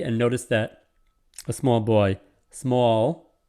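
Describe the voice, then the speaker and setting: A man's voice: mid-range voice, creaky, warm tone. Man teaching poetic meter, frequent restarts. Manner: reads verse lines slowly, stressing each beat; restarts and corrects himself often. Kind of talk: online lecture on poetic meter.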